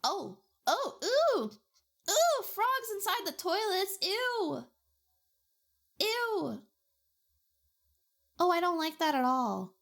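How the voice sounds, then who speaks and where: A woman's voice: very high voice, sing-song, extremely slow, creaky, long pauses, fairly bright tone. A young woman chatting playfully with her viewers on a live stream, giggling often. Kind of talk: casual live-stream chat.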